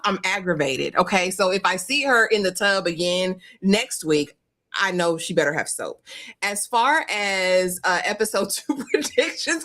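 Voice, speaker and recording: A woman's voice: medium pitch, animated, normal speed, fairly bright tone. A woman co-hosting a casual chat about a TV episode, emphatic and repetitive as she rants. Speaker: podcast co-host.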